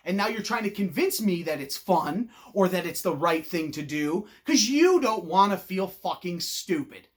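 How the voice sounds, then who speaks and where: A man hosting an opinion show, ranting in a blunt, loud, profane and sarcastic way, mocking people in put-on voices. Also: sits high, expressive, normal speed, hardly any pauses. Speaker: host.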